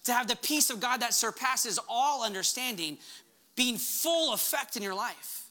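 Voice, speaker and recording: A man's voice: very high-pitched, expressive, moderate pace, sharp tone. A pastor preaching a sermon to his congregation, impassioned, raising his voice when he quotes commands. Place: church hall before a congregation.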